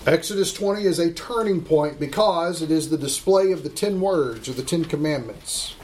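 Man, middle-aged, high voice, Bible class teacher, emphatic, drawn-out scripture reading, questions to the class. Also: darkish tone, a little hiss or hum.

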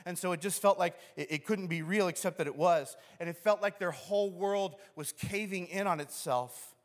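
High-voiced preacher in a reverberant hall. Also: male voice, normal speed. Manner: animated storyteller who acts out scenes. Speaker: pastor. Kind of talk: sermon.

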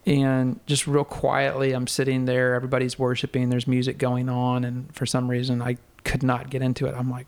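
Man, podcast guest, gravelly voice, earnest storytelling, middle pitch. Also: flat delivery, moderate pace. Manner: earnest storytelling with fillers and restarts. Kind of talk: casual faith conversation.

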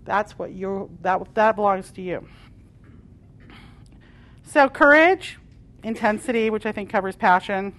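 A woman leading a live spiritual workshop, passionate and emphatic, swinging between loud declarations and quieter asides. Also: mid-range voice, expressive, a little slow, pauses often. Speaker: workshop leader. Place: workshop room with a live audience.

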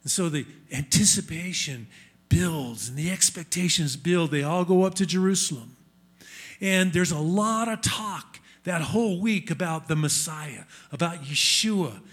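Male preacher, higher-pitched voice, earnest sermon delivery to a congregation. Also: lively intonation, unhurried, fairly bright tone, husky, soft background music. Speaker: messianic congregation teacher. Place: congregation hall with screen.

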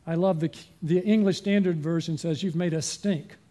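A man's voice: on the high side, moderate pace, mellow. Older man preaching, asking the room questions. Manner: asks the congregation questions. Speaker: pastor. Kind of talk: sermon.

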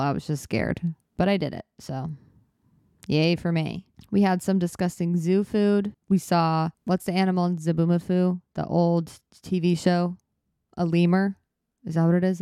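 Young woman podcast host, low voice, dry close mic; rambling, self-correcting storyteller. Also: a little mellow, clear, resonant tone, no echo. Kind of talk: casual solo chat.

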